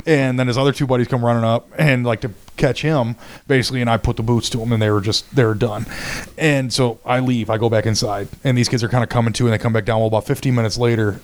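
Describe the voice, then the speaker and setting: A man's voice: mid-range voice, fast talker. A man from Michigan telling a wild story in casual podcast chat, swearing often and laughing as he goes. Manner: profane, laughing, animated storytelling.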